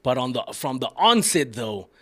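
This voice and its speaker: Guy, sharp bright voice, excitable, says bro nonstop. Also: medium pitch, normal speed. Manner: excitable, says "bro" constantly, stammers restarts. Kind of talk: casual podcast chat.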